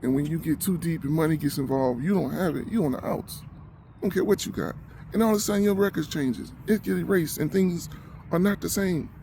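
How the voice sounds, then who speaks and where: A man's voice: a little high, a little fast, gravelly, noisy background. A man ranting emotionally to the camera, agitated and short of breath, repeating himself as he talks. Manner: agitated, repetitive, heated. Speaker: vlogger.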